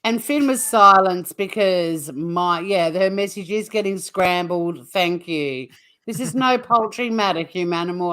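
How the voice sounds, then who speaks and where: Aussie woman cohosting a funny news show, low voice, teasing and animated. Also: a little slow. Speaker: co-host. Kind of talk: casual comedic news chat.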